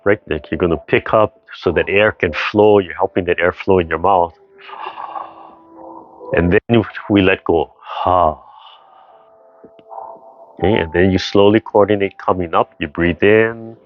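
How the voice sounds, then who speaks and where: A man with a fairly low voice guides a tai chi class over a video call, calm and unhurried. He often repeats phrases and checks in with "right?" as he talks. The sound is dull and lo-fi. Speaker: tai chi and qigong instructor.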